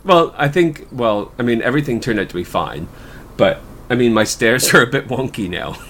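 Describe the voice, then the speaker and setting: A man's voice: mid-range voice, expressive, normal speed, a bit bright, slight background noise. A man co-hosting a podcast in casual chat, jokey and chuckling, with lots of fillers. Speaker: podcast co-host.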